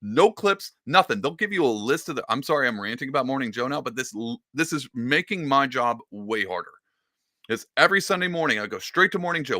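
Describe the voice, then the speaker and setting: A man's voice: mid-range voice, lively intonation, brisk, sharp tone, no echo, studio quality. A man hosting a livestream, ranting in a casual, joking and rambling way. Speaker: livestream host. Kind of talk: casual comedic political rant.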